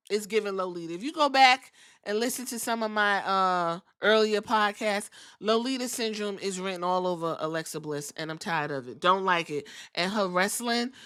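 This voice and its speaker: A woman's voice: mid-range voice, pushed and bright, no room sound, clean studio sound. A woman hosting a podcast, recapping wrestling in a sassy, profane way and mimicking the wrestlers. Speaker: podcast host.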